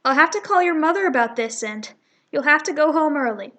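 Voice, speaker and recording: A woman's voice: sits high, lively intonation, brisk, a bit bright, pitched above the performer's own voice. A woman voicing a strict female cat schoolteacher in a comic she reads aloud, stern and scolding.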